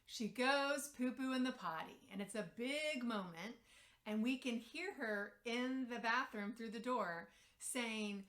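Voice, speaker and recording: A woman's voice: fairly high pitch, expressive, measured pace, fairly bright tone. A woman speaking as a parent coach, telling a story and giving advice directly to the camera in a conversational way with the occasional filler.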